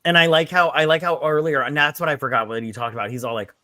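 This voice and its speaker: A man's voice: on the high side, steady tone, fast, bright, forceful tone, dry recording, studio quality. A man co-hosting a casual, tipsy movie review, rambling through the plot and quoting characters with plenty of swearing. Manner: rambling, retells scenes with quoted voices and swearing.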